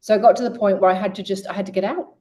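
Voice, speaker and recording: A middle-aged woman in an interview, telling her own story and speaking straight to women listeners. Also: racing. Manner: lively storyteller who voices quoted people with raised pitch; direct, addresses women listeners. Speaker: guest coach.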